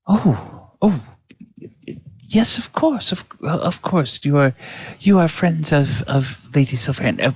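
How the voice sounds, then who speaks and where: A man voicing a flustered, apologetic male shop clerk who stammers in a high, rushed voice. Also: lively intonation, slightly rough, dry recording, exaggerated voice. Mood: mortified. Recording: dull lo-fi sound.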